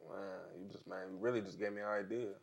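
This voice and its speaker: Gravelly-voiced young man, slangy chat. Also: sits low, quick pace, a crowd in the background. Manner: relaxed, slangy, grows animated. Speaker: video director. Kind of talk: casual chat.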